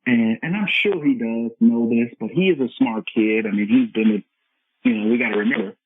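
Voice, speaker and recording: A man's voice: mid-range voice, normal speed, husky, dry recording. A man speaking as a coach and podcast guest, explaining in an earnest, repetitive way. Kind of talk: conversational podcast interview. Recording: tinny phone-line audio.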